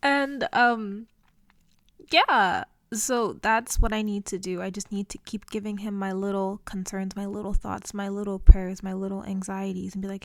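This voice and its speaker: A woman's voice: mid-range voice, steady tone, normal speed, no echo. A young woman vlogging in an earnest, chatty way about her faith, with many fillers. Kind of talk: casual faith vlog talk.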